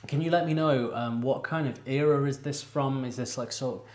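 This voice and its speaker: A man's voice: mid-range voice, a little mellow, roomy sound, a little hiss or hum. A man hosting a music reaction video, talking casually with frequent laughs, ums and restarts. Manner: chatty, laughs often, halting with ums and restarts.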